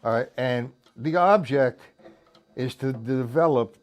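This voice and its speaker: A man's voice: medium pitch, takes it slowly. A man teaching drums on a live stream, rambling loosely and counting beats aloud, tired after a night without sleep. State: tired from staying up all night. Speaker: drum teacher. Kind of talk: live-streamed drum lesson. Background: drum kit playing.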